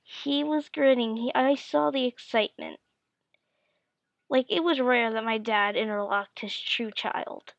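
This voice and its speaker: A woman's voice: a little high, measured pace, vocal fry, no echo, highs cut off. A young woman telling a personal story to camera in a chatty way, full of "like", and acting out what people said. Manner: chatty, full of "like", acts out quotes. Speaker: vlogger. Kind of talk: storytelling monologue.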